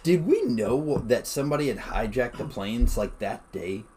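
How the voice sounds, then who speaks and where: A man's voice: mid-range voice, moderate pace, a little hiss or hum. A young man co-hosting a podcast in casual chat, telling stories with lots of swearing and frequent laughter. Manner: swears a lot, laughs often, animated storytelling. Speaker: podcast co-host.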